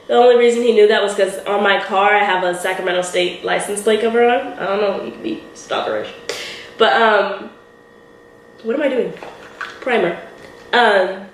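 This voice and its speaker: A young woman in her twenties telling a story while doing her makeup, animated and giggly, acting out what people said. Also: medium pitch. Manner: animated, quotes people in lively voices, giggly. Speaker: beauty vlogger. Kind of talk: chatty get-ready-with-me storytelling. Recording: roomy echo with faint hiss.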